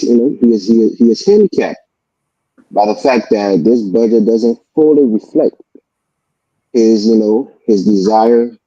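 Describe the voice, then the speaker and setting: A man on a debate panel, arguing calmly and reasonably with many fillers. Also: medium pitch, no echo, muffled recording. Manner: calm, reasoning, many "you know"s.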